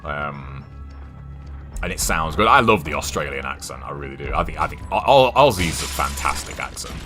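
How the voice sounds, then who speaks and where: A man's voice: rumbling low, animated, normal speed, bright, forceful tone, soft background music. A young English man streaming a game, rambling and chatting casually, swearing now and then. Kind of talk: casual chat while gaming.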